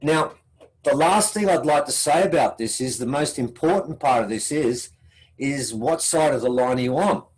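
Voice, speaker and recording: A man's voice: normal speed, poor audio. An Australian man giving a conference talk, telling a story and acting out the dialogue in it. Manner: acts out quoted dialogue with shifting pitch. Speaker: conference speaker.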